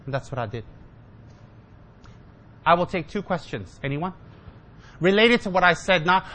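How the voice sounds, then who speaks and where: A man's voice: high voice, animated, normal speed, pauses often, pushed and bright, slight background noise. A man giving a humorous Dharma talk as a Buddhist teacher, joking with and teasing his listeners and mimicking his students.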